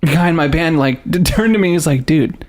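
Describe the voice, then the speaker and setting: A man's voice: fairly high pitch, fast, heavy background noise. A man hosting a casual podcast chat, telling stories with lots of laughter and reading facts aloud. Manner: animated storyteller, laughs often, reads facts aloud. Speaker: podcast host.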